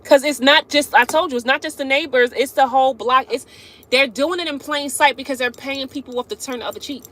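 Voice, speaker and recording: A woman's high, bright voice in a casual live stream, chatting with her viewers. She laughs often and keeps turning to address them directly. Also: steady tone, fairly quick.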